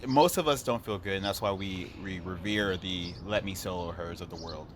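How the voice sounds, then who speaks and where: A man's voice: low-pitched, normal speed, background noise. A young man co-hosting a podcast, chatting loosely and laughing often. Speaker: podcast co-host. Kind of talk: casual chat.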